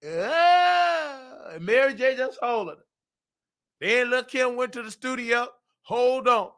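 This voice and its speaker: A man hosting a show, giving loose, slangy, animated commentary. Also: very high voice, moderate pace. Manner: animated, loose slangy storytelling with sudden sung bits. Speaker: show host. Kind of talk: casual commentary.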